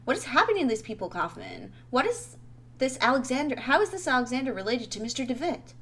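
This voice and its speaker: A woman's voice: high-pitched, very animated, fast talker, a bit bright, a little hiss or hum, voice pushed up, full character voice. A woman reading the lines of an anxious, confused young male doctor, urgent and questioning.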